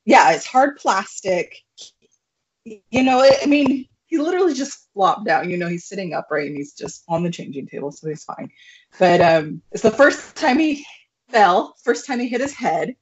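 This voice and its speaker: A young woman telling a story as a podcast guest, animated and laughing, with plenty of fillers. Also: medium pitch, normal speed, slight background noise. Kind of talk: casual storytelling. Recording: muffled lo-fi recording.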